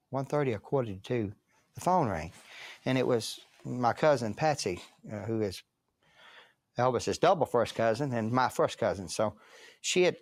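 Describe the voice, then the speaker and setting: A man's voice: medium pitch, no room sound, studio quality. Man retelling a memory with quoted dialogue. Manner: storytelling, acts out quoted dialogue. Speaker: documentary interviewee. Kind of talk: recounted memory in interview.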